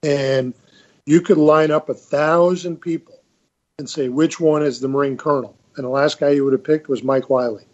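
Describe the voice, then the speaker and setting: A man's voice: on the high side, fairly even intonation, a little mellow. Older man, hesitant, on a dull line. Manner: measured, hesitant, many fillers. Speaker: retired Marine colonel, panelist. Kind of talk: casual panel discussion.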